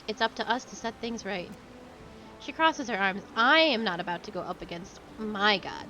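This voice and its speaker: A woman's voice: fairly high pitch, a bit bright. A young woman streaming a role-playing game, reading its text aloud in a casual way with giggly asides. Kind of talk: casual gameplay narration.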